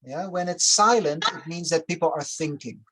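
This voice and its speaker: Breathy low-voiced woman teaching. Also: fairly bright tone. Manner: short phrases paused for the interpreter. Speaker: missions course teacher. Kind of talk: teaching with live interpretation. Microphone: video call.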